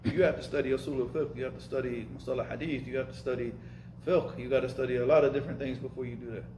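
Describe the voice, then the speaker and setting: A man's voice: medium pitch, fairly even intonation, fast, roomy sound, noisy background. A man teaching an informal lesson, speaking casually and emphatically, repeating himself and mixing in Arabic terms. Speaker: Arabic and Islamic studies teacher. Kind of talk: informal lesson with live questions.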